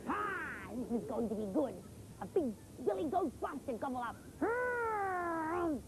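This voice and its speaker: A woman plays a scary, ugly troll in a children's TV story, growling and roaring as she waits for her dinner. The voice swoops widely and sits high. A noisy studio hums behind her. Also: big pitch swings, a little slow, full character voice. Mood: growling, hungry. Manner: growls and roars between lines.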